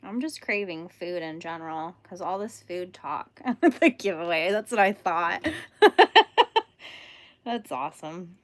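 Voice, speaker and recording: A woman's voice: lowish voice, moderate pace, hardly any pauses, no echo. A young woman from California with a Californian accent, hosting a casual crochet livestream, chatting bubbly with viewers and laughing often. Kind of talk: casual live-stream chat with viewers.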